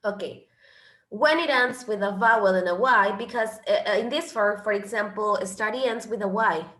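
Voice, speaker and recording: Here the teacher speaks at medium pitch and a moderate pace, with a fairly bright tone. Her grammar lesson mixes English and Spanish, her native tongue, as she explains patiently in a room with noticeable echo.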